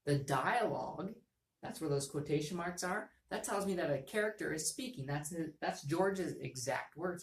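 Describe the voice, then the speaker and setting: A woman's voice: deep voice, animated, a little slow. A woman teacher giving a reading lesson to young students, explaining patiently and repeating key points. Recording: echoey room.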